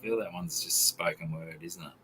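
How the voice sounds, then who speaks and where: A man's voice: low voice, wildly swooping pitch, normal speed, creaky. A man chatting casually and joking about himself between songs, with guitar music behind him. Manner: joking, self-deprecating, rambling. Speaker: guest singer.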